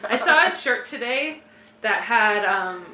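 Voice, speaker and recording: Bright-voiced woman, blunt and joking. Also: a little high, lively intonation, unhurried. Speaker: podcast guest. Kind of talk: casual gaming chat. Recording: roomy echo with faint music.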